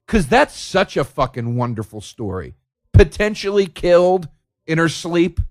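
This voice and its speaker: Male comedian host, sarcastic ranting, profane, animated delivery. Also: fairly high pitch, a little slow. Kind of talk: solo comedic rant.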